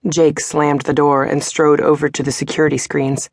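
A woman narrating a romance audiobook in a steady, even storytelling manner. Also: sits low, normal speed, no echo, clean studio sound. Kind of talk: scripted narration.

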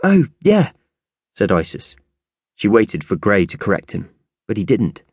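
A man narrating a children's audiobook with expressive storytelling. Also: low voice, moderate pace, breathy edge, no echo. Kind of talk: scripted narration.

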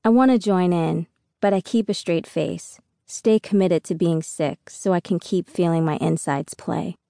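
A woman narrating a first-person audiobook in an unhurried, reflective way. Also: lowish voice, creaky, dark tone, dry recording, clean studio sound.

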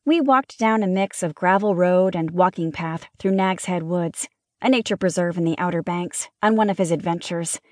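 A woman narrating a first-person mystery audiobook in a lively, wry storytelling manner. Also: on the low side, normal speed, no echo, studio quality.

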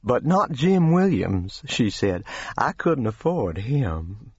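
A man voicing a calm, controlled gentleman who tells stories with dry amusement. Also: medium pitch, slow pace, slightly rough, muffled recording, full character voice. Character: calm, genteel older Southern gentleman storyteller.

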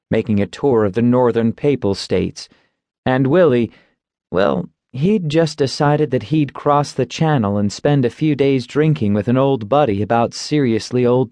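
A man narrating a fantasy audiobook in a wry, unhurried storytelling manner. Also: mid-range voice, a little mellow, dry recording.

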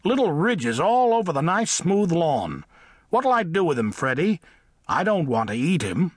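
A man voicing a blunt, no-nonsense male farm cat in an audiobook, speaking gruffly and matter-of-factly. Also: on the high side, sing-song, a little slow, no echo, clean studio sound, voice pushed up, heavily acted. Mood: annoyed. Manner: gruff, warning, matter-of-fact. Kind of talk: audiobook character voice.

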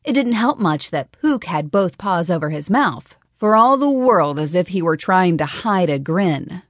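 A woman reads a fantasy novel aloud in a steady, measured storytelling manner. Her voice sits low, and the dry booth gives it a close, deadened sound. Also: dry recording. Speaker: audiobook narrator. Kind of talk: scripted audiobook narration.

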